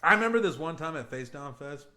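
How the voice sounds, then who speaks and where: A man's voice: fairly high pitch, expressive, fast talker, sharp tone. A man co-hosting a podcast, telling a rambling, profane story in casual chat. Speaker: podcast co-host. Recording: echoey room.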